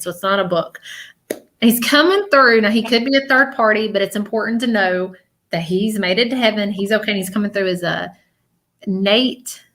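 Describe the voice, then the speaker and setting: A woman working as a psychic medium, giving a live reading in a halting way, full of fillers, restarts and repeated words. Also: mid-range voice, fairly bright tone.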